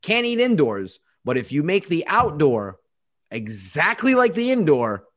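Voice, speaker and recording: A man's voice: a little high, huge pitch swings, unhurried. A man hosting a podcast, chatting casually and telling stories bluntly, with plenty of swearing. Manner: blunt, profane storytelling. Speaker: podcast host.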